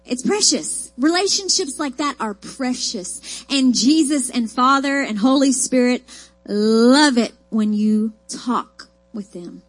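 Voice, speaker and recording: A woman's voice: high-pitched, lively intonation, slow, faint music behind. A woman preaching a sermon, mixing folksy personal stories with emphatic, rising declarations.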